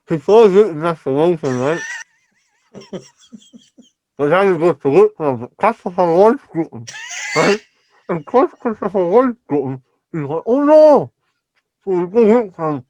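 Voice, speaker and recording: A man's voice: a little high, no echo. A man with a Scottish accent co-hosting a podcast, talking animatedly with lots of laughs and casual swearing. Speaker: podcast co-host. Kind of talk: casual chat.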